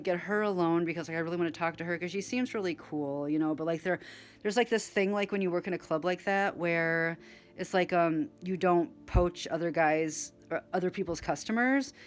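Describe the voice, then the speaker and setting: A woman, a former club dancer, casually telling stories in a rambling way, full of fillers and swearing, acting out what others said. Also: lowish voice. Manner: rambling, filler-heavy, swears a lot, acts out others' lines. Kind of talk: casual storytelling.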